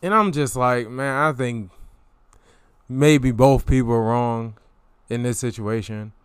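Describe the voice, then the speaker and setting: Young guy slowly telling a story, smooth voice, dry close sound, jumps up high when excited. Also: no room sound. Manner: animated storytelling with slang and pitch jumps. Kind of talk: casual storytelling monologue.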